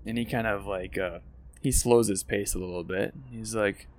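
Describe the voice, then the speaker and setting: Gravelly-voiced man running a tabletop game. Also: low-pitched, normal speed. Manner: relaxed, chuckling narration with frequent fillers. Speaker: game master.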